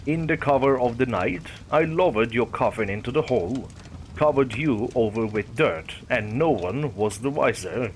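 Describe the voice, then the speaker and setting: A man's voice: mid-range voice, normal speed, slight background noise, natural voice. A man voicing a cheerful, teasing male kidnapper who buries people alive, talking in a careless, matter-of-fact way. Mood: gleeful.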